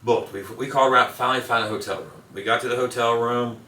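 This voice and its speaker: Fast-talking man in an echoey room. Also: medium pitch, fairly even intonation, pushed and bright. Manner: rambling anecdotes. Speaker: interview guest. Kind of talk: casual storytelling. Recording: echoey room, mic at a distance.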